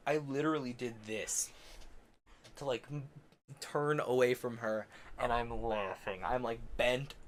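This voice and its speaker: A man's voice: mid-range voice, slight background noise. A young man streaming, rambling through an embarrassing story with self-mocking asides and frequent laughter. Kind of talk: casual storytelling on a game stream.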